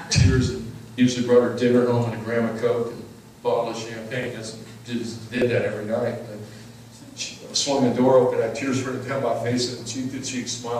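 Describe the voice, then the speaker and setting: A man's voice: mid-range voice, darkish tone, slight background noise. A middle-aged man giving an emphatic sermon testimony, telling his story and repeating words as he goes. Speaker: preacher. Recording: echoey hall, mic at a distance.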